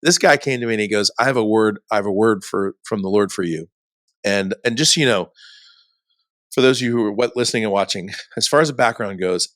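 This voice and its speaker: A middle-aged man, a podcast guest, telling a personal story in a casual, animated way, full of "like" and "dude". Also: mid-range voice, dry recording, clean studio sound. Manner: animated, chatty, says "dude" and "like" often.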